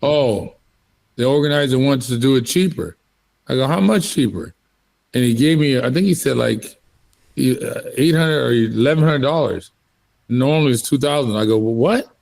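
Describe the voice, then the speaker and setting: Gravelly older man telling stories. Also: medium pitch, moderate pace, a little mellow. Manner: anecdotal, acts out quoted exchanges. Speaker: guest, former bodybuilder. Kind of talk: casual storytelling interview.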